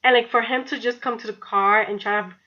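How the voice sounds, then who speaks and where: Bright-voiced New young woman. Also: on the high side, steady tone, a little fast, lo-fi sound. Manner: chatty, profane, heavy use of "like". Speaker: vlogger. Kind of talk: casual storytime.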